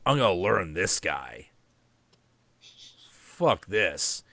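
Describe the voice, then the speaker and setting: A man voicing a grumpy old male cat who talks in a gruff, dismissive way and swears. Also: sits low, very animated, drawn-out words, pushed and bright, no echo, pitched below the performer's own voice, full character voice. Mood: scheming.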